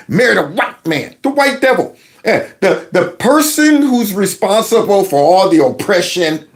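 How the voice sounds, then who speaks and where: A man hosting his own commentary show, talking in a folksy, emphatic, slangy way and acting out quotes. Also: high voice. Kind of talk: casual political commentary.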